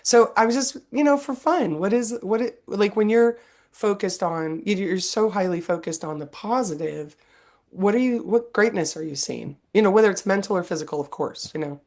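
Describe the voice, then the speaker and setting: A woman in her fifties hosting a podcast, chatting casually and telling animated stories with frequent laughter. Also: mid-range voice, normal speed. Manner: animated storyteller, laughs often. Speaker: podcast host. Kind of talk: casual interview chat.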